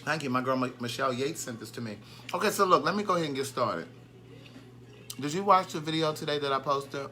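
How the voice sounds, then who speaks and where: A man's voice: on the high side, animated, quick pace, bright, forceful tone, soft background music. A man hosting a casual live stream, chatting and greeting viewers by name, and easily sidetracked.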